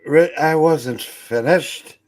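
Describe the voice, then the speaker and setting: A man voicing a stingy, grumpy old miser as he reads a comic book aloud, in a gruff, scolding manner. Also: fairly high pitch, slow pace, voice pushed up.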